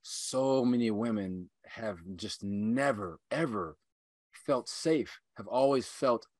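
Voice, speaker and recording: A man's voice: medium pitch, takes it slowly, darkish tone, no room sound, studio quality. A man guesting on a podcast as an inspirational speaker, talking earnestly with rousing, repetitive emphasis. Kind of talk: earnest motivational conversation.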